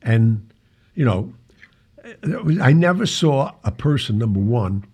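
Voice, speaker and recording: An older man, a podcast guest, telling a long personal anecdote in a lively way, acting out the dialogue and chuckling as he goes. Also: mid-range voice, takes it slowly, breathy edge. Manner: lively storyteller who acts out the quoted dialogue and chuckles often. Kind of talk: anecdotal storytelling.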